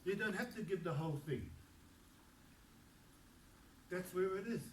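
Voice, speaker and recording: A fairly high-voiced man teaches a language class, patient and slow, repeating each word. He sounds distant, caught in an echoey room with a faint murmur of ambience behind him. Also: a little hiss or hum. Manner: patient, repeats words slowly, switches between English and Māori. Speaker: te reo Māori teacher. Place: church hall classroom.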